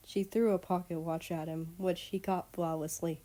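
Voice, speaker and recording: A woman's voice: fairly low pitch, fairly even intonation, moderate pace, few pauses, dark tone. A woman reading fan fiction aloud as narrator. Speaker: story reader.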